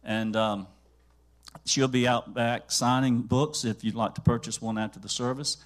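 A man's voice: mid-range voice, steady tone, normal speed. A man with a Southern US accent, a pastor leading announcements and prayer in a church service, folksy and joking. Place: church sanctuary.

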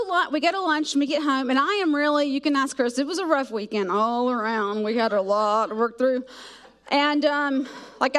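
A woman from South Georgia in the US, with a high voice, preaches a sermon woven with personal stories. She tells them with animated flair, acting out the voices of both herself and the kids.

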